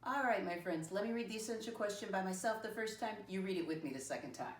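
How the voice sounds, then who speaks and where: A first grade teacher gives a lesson to young children in an animated, sing-song voice of middle pitch. She speaks slowly and deliberately, spelling words out. The mic sits at a distance in a roomy classroom.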